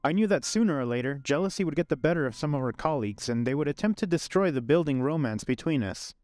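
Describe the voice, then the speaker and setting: A man narrating a scripted first-person love story in a calm, even way. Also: fairly high pitch, quick pace, no room sound. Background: faint background music.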